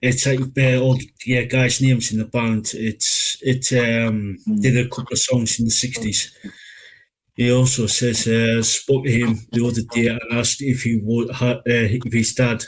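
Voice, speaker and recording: A man's voice: medium pitch, flat delivery, measured pace, low-quality recording. A man hosting a casual live-stream interview on a video call, talking hesitantly and full of fillers. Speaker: host. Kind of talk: casual chat.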